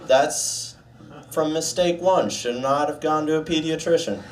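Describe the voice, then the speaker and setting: A young man doing a deadpan stand-up set with dark jokes, putting on a gruff low voice for a doctor. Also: takes it slowly, long pauses, far from the mic, crowd noise. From United States. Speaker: stand-up comedian. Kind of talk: stand-up set at open mic. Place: small bar stage.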